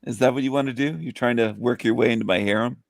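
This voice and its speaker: Gravelly man with crude teasing. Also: medium pitch, fast, no echo, studio quality. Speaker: panelist. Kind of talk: teasing panel banter.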